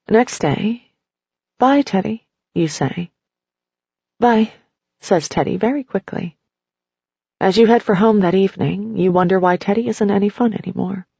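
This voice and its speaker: A woman narrating a nonfiction audiobook, telling a story in the second person in a steady way. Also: medium pitch, gravelly, husky, no room sound, dull audio.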